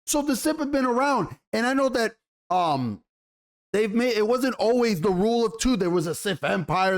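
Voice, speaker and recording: A man ranting in an exasperated tone as he reviews a TV episode, swearing often and restarting his sentences. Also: sits high. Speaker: YouTube TV show reviewer.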